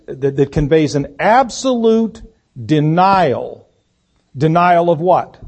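Pastor, male, somewhat raised pitch, measured emphatic sermon delivery from the pulpit of a church. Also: darkish tone, husky. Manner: deliberate, emphatic preaching with fillers and restarts. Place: church sanctuary.

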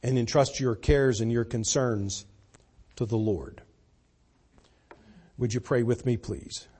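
A man preaching a sermon, pressing key points hard and then dropping to a soft, hushed voice. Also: medium pitch, slow pace, slightly rough. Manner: emphatic, swings from loud to soft.

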